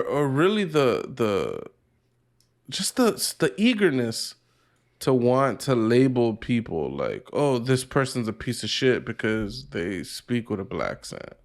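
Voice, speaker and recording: Male podcast co-host, mid pitch, rambling and profane, filler-heavy casual chat.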